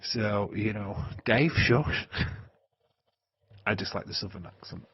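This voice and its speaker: Slow, husky Yorkshire man. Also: on the low side, no echo, highs cut off. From Yorkshire, England. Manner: joking, swearing, chatting to viewers. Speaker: wrestling stream host. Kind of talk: casual livestream chat.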